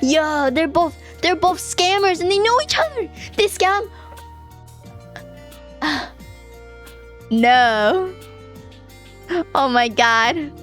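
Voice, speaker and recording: A woman streamer reacts to a visual novel with loud, excitable outbursts and laughter. Her voice is high-pitched. Faint music plays behind her. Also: very slow, pauses often.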